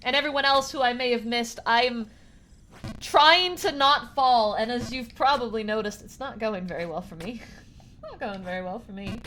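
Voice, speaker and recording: A woman's voice: fairly high pitch, normal speed, pushed and bright, a little hiss or hum. A young woman streaming a game, chatting casually in a rambling, self-deprecating way and laughing often. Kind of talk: casual live-stream chat while gaming.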